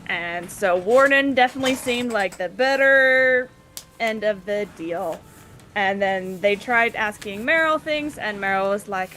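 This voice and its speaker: A woman's voice: mid-range voice, a little slow, fairly bright tone, a little hiss or hum. A woman casually recapping a tabletop game session, chatty and giggly, briefly acting out the party members' lines. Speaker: player recapping the previous session.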